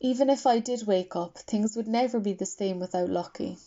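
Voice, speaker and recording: A woman's voice: mid-range voice, moderate pace. Woman reading a wistful first-person audiobook. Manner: quiet, reflective, wistful. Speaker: audiobook narrator. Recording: dull lo-fi recording.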